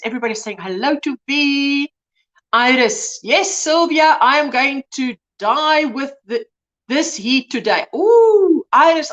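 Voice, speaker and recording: Reading comments on a casual stream, this woman greets people by name and exclaims frequently in a high, fairly bright voice. The recording has a dull quality.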